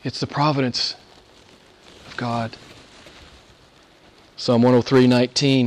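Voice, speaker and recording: A male pastor preaching a sermon, emphatic, swinging between quiet points and rising declarations. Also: mid-range voice, little pitch movement, slow, long pauses.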